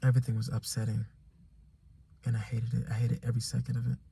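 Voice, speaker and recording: A man's voice: medium pitch, monotone, fast talker, gravelly, warm tone, slight background noise. A young man vlogging a casual storytime monologue, rambling and repeating himself with exasperation and slang.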